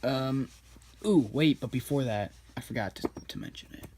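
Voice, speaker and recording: A man casually recapping an animated film while he draws, rambling and correcting himself as he goes. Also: mid-range voice, a little fast, heavy background noise. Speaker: drawing video maker.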